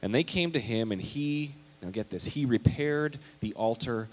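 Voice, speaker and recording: A male pastor preaching a sermon, animated and emphatic, reading scripture aloud with big swings in loudness. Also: mid-range voice, moderate pace, a little hiss or hum. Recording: long hall reverb.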